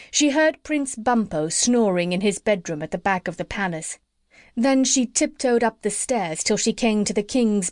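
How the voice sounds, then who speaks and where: A woman narrating a classic children's storybook in a gentle, measured way. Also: medium pitch, no room sound, clean studio sound. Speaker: audiobook narrator.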